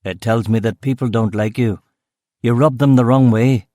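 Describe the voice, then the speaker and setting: A man's voice: mid-range voice, fairly even intonation, normal speed, mellow, dry recording, clean studio sound, natural voice. A man voicing a blunt, wry police officer who talks plainly and teases his partner. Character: gruff male police constable, blunt, teasing.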